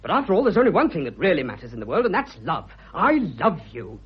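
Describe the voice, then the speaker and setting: Brief: actor playing eager young suitor, husky, bluff and fervent, lively swinging pitch, dull old radio sound. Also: male voice, fast talker, full character voice. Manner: bluff, fervent, stammering when moved. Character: eager young male suitor, blunt and boyish. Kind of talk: vintage radio drama acting.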